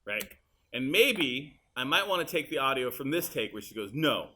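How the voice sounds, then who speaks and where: A male teacher walking students through an editing demonstration in a high school classroom, casual and chatty as he works. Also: sing-song, normal speed, bright, forceful tone. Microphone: room mic, uneven audio quality.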